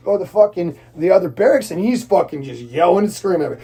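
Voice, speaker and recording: Casting note: husky, higher-pitched man, army veteran, foul-mouthed rambling storyteller. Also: expressive, brisk, warm tone. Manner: swears constantly, blunt and rambling. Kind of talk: profane storytelling monologue.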